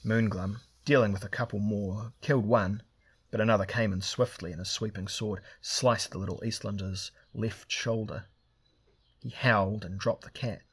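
A man's voice: lowish voice, steady tone, moderate pace, slightly rough. A man narrating a fantasy story, lifting his voice for the characters' lines. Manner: reads dialogue with raised voices for characters. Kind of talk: audiobook narration.

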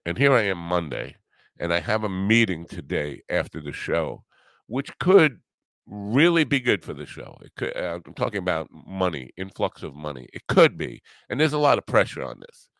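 A podcast host with a very deep voice rambles through his week in a gloomy, self-mocking way, tossing in crude jokes. His voice is recorded close and dry, with no room around it. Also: very animated, normal speed, a bit bright, dry recording. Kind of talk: casual rambling chat.

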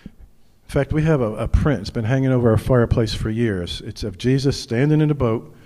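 A male pastor preaching a sermon in an earnest, personal way, dropping his voice low when he speaks of his own struggles. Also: fairly quick, warm tone, in a large hall.

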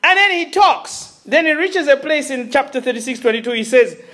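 A man preaching a sermon, telling a story in an animated way with chuckles and restarts. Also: extremely high pitch, fairly quick.

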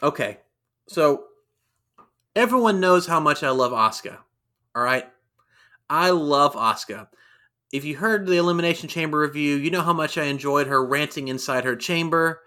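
Bright-voiced man chatting about wrestling. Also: a little high, moderate pace, pauses often. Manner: animated, acts out quotes in raised voices. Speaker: podcast co-host. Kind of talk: casual wrestling review chat.

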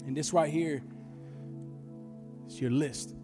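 A man preaching a sermon, telling stories in an animated way with bursts of shouting. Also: fairly high pitch, slow. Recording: long reverb with faint music.

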